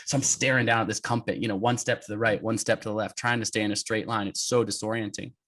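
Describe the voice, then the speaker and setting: A man in his thirties, a guest telling an adventure story in an interview, animated and laughing as he goes. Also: fairly low pitch, fast. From United States.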